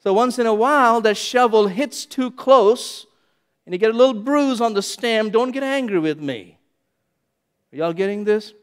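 High-voiced, animated pastor. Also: male voice, normal speed, clean tone. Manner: animated, repeats lines for emphasis, swings from loud to hushed. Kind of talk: sermon.

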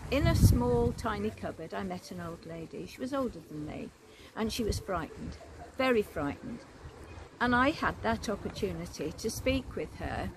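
An older Englishwoman, a church warden telling a personal faith story in a gentle, earnest way. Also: mid-range voice, creaky, background noise. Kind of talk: personal testimony.

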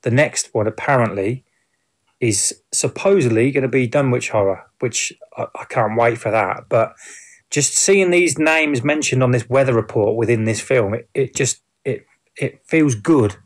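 A man's voice: medium pitch, moderate pace. A man giving a casual spoken film review, rambling with many fillers and restarts.

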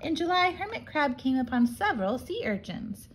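A preschool teacher reading a picture book aloud to children in a gentle, animated storytelling manner. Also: female voice, high voice, moderate pace, slight background noise.

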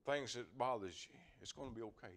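A man's voice: medium pitch, fairly quick, fairly bright tone. Folksy older man preaching. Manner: folksy, repeats words, chuckles while preaching. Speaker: lay preacher. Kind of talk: folksy sermon.

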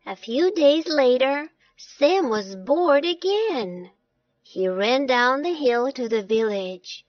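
A woman storyteller narrating a children's storybook in a slow, expressive way. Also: sits high, no echo. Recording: dull lo-fi dry recording.

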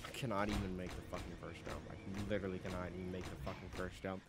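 A man's voice: lowish voice, flat delivery, fast, few pauses. A young man commentating his gameplay, frustrated and swearing constantly as he rants at the game. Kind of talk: let's play commentary. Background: game music.

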